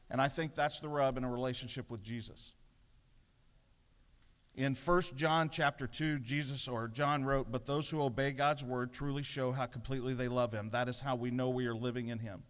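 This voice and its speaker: A man's voice: mid-range voice, fairly bright tone. A middle-aged man giving a sermon as a pastor, telling a story with self-deprecating humor. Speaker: pastor giving the morning devotion. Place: large legislative chamber. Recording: long reverb of a large chamber.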